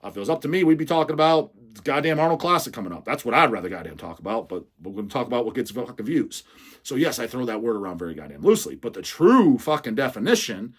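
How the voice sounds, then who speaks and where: A man hosting a casual question-and-answer segment for his metal channel, cursing almost every sentence. He reads viewer messages aloud and tears into them with blunt, mocking humor, his pitch jumping up and down as he goes. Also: husky. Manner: swears constantly, mocking and blunt. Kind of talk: casual profane Q&A rant.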